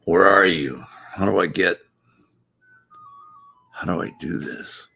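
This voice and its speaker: Slow-talking man hosting a live stream. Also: low-pitched, gravelly, pushed and bright, faint music behind. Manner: slow, halting, thinks aloud. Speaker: show host. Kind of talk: casual live-stream chat.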